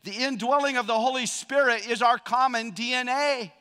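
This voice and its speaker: A male pastor preaching a sermon in a church, swinging from loud emphatic peaks to hushed, personal storytelling. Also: extremely high pitch, normal speed, smooth. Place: church sanctuary. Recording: long reverb of a large hall.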